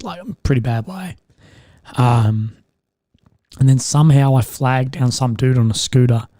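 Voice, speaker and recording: A man's voice: mid-range voice, mellow, no room sound, clean studio sound. A young Australian man hosting a live stream, telling rambling stories in a laid-back way, swearing a lot and filling gaps with likes and ums. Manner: laid-back, heavy swearing, lots of fillers. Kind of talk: casual storytelling.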